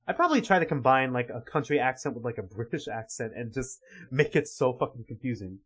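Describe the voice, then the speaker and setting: A man giving excitable, profane commentary on a livestream, drifting into rambling asides. His pitch is highly animated, swinging up and down. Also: fairly quick. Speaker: livestream webcomic reader.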